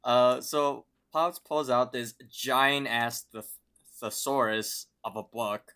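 A man's voice: medium pitch, steady tone, takes it slowly, bright, forceful tone, smooth. Jokey man recapping a cartoon episode. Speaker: podcast co-host.

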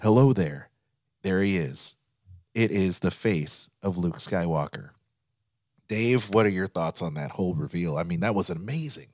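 A man in his thirties, co-hosting a chatty podcast, telling stories with excitement and acting out quotes. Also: low-pitched, moderate pace, dry recording, clean studio sound. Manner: excited storytelling, acts out quotes. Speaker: podcast co-host. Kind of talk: casual chat.

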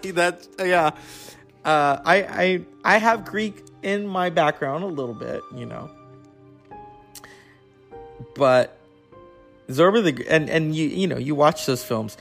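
A man's voice: fairly high pitch, slow pace, creaky, pauses often, a bit bright, soft background music. A man hosting a casual, rambling, enthusiastic chat about classic films. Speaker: host.

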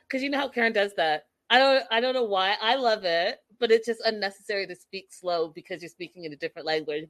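A woman hosting a casual recap of a reality show, gossipy and animated, laughing at the scenes she retells. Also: medium pitch, fast, few pauses. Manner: animated, gossipy, laughs at her own quotes. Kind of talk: casual chat.

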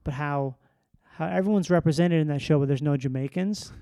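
A man in casual chat, quick and wry, riffing jokes as a comedian co-host. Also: a little high, mellow, dry recording, clean studio sound.

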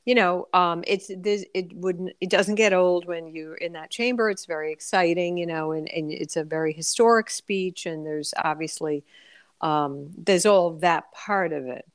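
Woman columnist guest, smooth clear voice, lowish pitch, dry sound, hesitant. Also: normal speed, dry recording. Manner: hesitant, many fillers and restarts. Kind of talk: radio interview.

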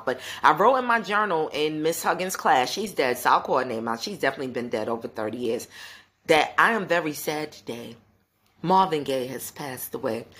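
A woman in her forties hosting a podcast, telling stories in an animated, gossipy way and talking straight to her listeners. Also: low voice. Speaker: podcast host. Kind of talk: casual solo podcast storytelling.

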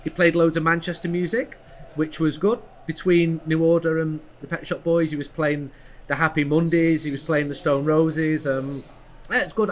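A man's voice: fairly high pitch, fairly bright tone, a little hiss or hum. A man co-hosting a podcast, telling a story in a rambling, hesitant way. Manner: rambling, hesitant, full of restarts. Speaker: podcast co-host. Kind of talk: casual storytelling.

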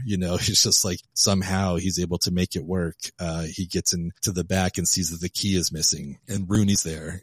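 A man with a very low voice talks casually as a podcast guest. He rambles, leaning on filler words as he retells a scene. The sound is dry and close. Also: no echo. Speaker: guest co-host. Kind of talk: casual podcast film discussion.

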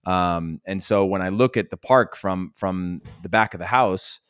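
A man's voice: deep voice, a little slow, a bit bright, clean tone, no room sound, studio quality. A man telling rambling, nostalgic stories in a casual podcast chat. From California.

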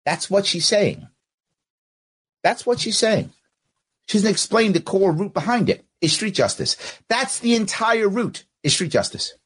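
A man's voice: high voice, sing-song, brisk, a bit bright, husky. A man giving mocking political commentary, sarcastically arguing back at a clip he is playing.

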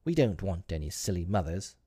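A man's voice: low voice, big pitch swings, fairly quick, mellow, breathy edge, exaggerated voice. A man reading aloud, voicing a boyish, defiant magical boy who flies, with an exultant, sneering manner.

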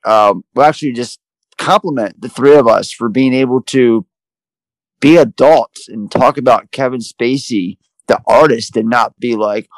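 A man's voice: medium pitch, moderate pace, no echo, poor audio. A man co-hosting a casual movie podcast, blunt and combative, with frequent cursing. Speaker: podcast co-host.

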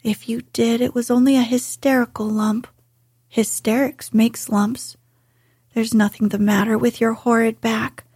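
Whispered role-play, woman as fierce bossy little girl, higher voice, very breathy. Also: flat delivery, measured pace, darkish tone, no room sound. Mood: scolding. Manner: commanding, stamping, scornful.

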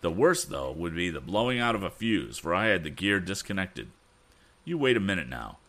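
A man's voice: deep voice, big pitch swings, moderate pace, sharp tone, full character voice. A man voicing a bold, righteous young male inventor who talks in firm, spirited retorts. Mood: indignant.

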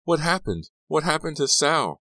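A man reading an audiobook, voicing a hysterical teenage girl cheerleader who screams in a high, frantic voice. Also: sing-song, normal speed, pushed and bright, dry recording, exaggerated voice.

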